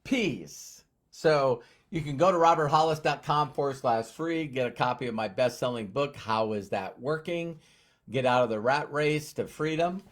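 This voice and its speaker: Male motivational streamer, casual, chatty, greets viewers by name. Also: medium pitch. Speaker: motivational live-stream host. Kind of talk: casual live-stream talk. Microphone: phone.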